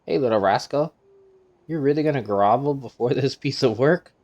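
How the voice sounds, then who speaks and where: A man's voice: medium pitch, moderate pace, darkish tone, muffled recording. A man hosting a gaming channel, playfully reading every character's dialogue aloud himself while playing and laughing often.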